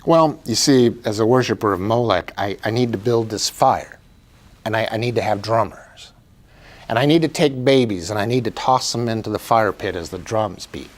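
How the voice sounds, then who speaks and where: A man's voice: lowish voice, moderate pace, close to an everyday voice. A man voicing an insistent, self-righteous male zealot who pleads stubbornly in a comic skit.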